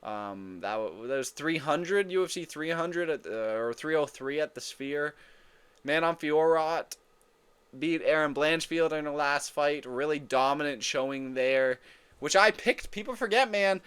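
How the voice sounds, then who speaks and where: A man giving casual fight predictions in a smooth, clear voice that sits a little high. He gets excitable and swears freely, often repeating himself and correcting his own words mid-sentence. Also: unhurried. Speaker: MMA fight predictions host. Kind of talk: casual fight breakdown commentary.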